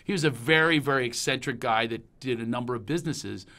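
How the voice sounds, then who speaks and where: A middle-aged man with a Pennsylvania accent hosts a casual podcast conversation. His pitch sits mid-range, and he tells long, winding stories that turn animated as he recalls anecdotes. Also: fast. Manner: rambling and storytelling, animated when recalling anecdotes. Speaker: podcast host. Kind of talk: casual chat.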